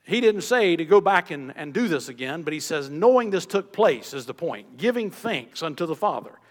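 A man preaching a sermon with a high-pitched voice that rings out with long reverb, as if from a church sanctuary. He pushes up into emphatic peaks, then falls back to quiet, low phrases. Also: very animated, moderate pace. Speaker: pastor.

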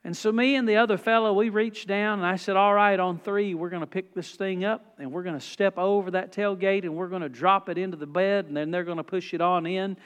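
A man preaching a sermon, folksy in his storytelling, dropping to a hush and then rising loud. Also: high-pitched, fairly even intonation, fairly quick, few pauses, clear, resonant tone, big-room sound. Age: 40s. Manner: folksy, swings from hushed to loud. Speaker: pastor.

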